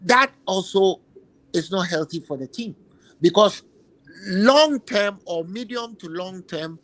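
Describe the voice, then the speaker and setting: A man's voice: sits high, animated, takes it slowly, fairly bright tone, no room sound, poor audio. A man hosting a football chat, giving emphatic opinions and repeating phrases while he searches for words. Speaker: football podcast host.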